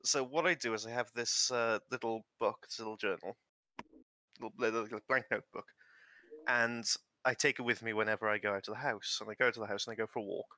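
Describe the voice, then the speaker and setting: A man spinning an anecdote in friendly panel banter. His voice is bright and forceful with a dry, close sound, and he stammers as he restarts phrases. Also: on the low side, fairly even intonation, quick pace, no room sound. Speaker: tabletop game player on a stream panel. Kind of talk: casual chat, telling an anecdote.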